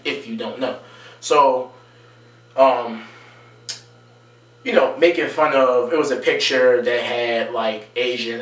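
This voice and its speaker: Man, vlog rant, emphatic and repetitive, medium pitch, roomy off-mic sound. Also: fairly bright tone, far from the mic. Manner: emphatic, repetitive, rising to raised pitch when stressing points. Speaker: video creator. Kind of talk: impassioned monologue to camera.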